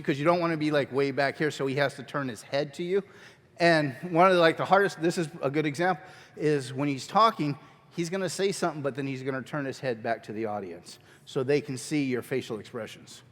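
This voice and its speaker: Chatty man teaching drama in a reverberant hall. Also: on the high side. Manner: joking, chatty, often restarts sentences. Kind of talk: casual workshop instruction. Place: church hall. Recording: long reverb of a large hall.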